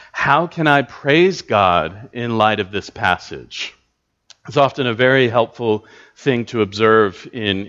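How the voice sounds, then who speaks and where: Bible study teacher, man, lowish voice, thoughtful and halting, dull lo-fi recording. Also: fairly bright tone. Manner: thoughtful, halting, many ums and restarts. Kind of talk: teaching a class on reading Scripture.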